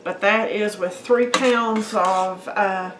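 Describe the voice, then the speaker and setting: A woman's voice: mid-range voice, fairly even intonation, slow pace, noisy background. Chatty woman cooking in an echoey kitchen. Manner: chatty, talks to viewers as guys and folks. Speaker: home cooking channel host. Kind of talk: casual cooking demonstration. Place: home kitchen. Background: clinking dishes and utensils.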